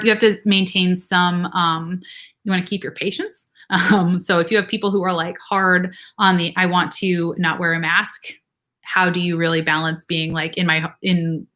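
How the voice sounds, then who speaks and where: A young woman who is a nurse practitioner hosts a casual livestream Q&A in a lowish voice with a bright, forceful tone. She's chatty and rambling, using lots of fillers and reading viewer comments aloud.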